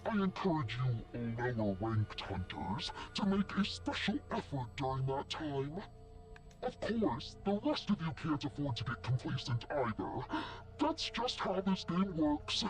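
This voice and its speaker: A smug villain lords it over the players of a deadly game, put on by a woman reading a game aloud. The voice is lowered and swoops widely. Faint music plays underneath. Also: sing-song, unhurried.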